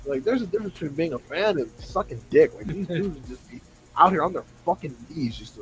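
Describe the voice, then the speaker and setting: A man holds forth on a podcast, his voice sitting high and swinging widely as he rants. His talk is profane and exasperated, and he keeps dropping into mocking voices. Faint music plays under him. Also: animated, fast, rough recording. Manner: profane, exasperated, mocks fans in put-on voices. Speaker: podcast co-host. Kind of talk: heated casual podcast rant.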